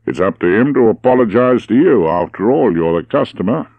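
Give me a friendly, teasing outback man voiced by a narrator, low and lively. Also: a little fast, dry recording, phone-quality sound. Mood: firm.

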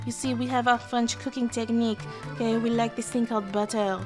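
A woman's voice: fairly high pitch, little pitch movement, brisk, music in the background, natural voice. A woman voicing a smug, boastful male French king who taunts in a pompous, self-satisfied way. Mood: snooty.

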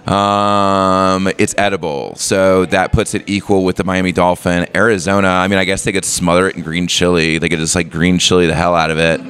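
A man with a notably low voice talks as a comedy guest on a podcast. He rambles through bits in a laid-back, casual way, leaning on filler words as he builds a joke. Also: level tone, fairly quick, hardly any pauses, fairly bright tone.

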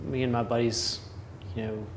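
A man's voice: mid-range voice, flat delivery, moderate pace, slight background noise. A man with a Southern American accent, a painting instructor chatting casually while he paints, rambling and laughing often.

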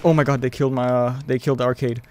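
A young man streaming a video game, chatting casually with viewers, excitable and swearing freely, yelling when the action heats up. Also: mid-range voice, very fast, slight background noise. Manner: excitable, swears freely, yells during fights. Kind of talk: casual live-stream chat and gameplay commentary.

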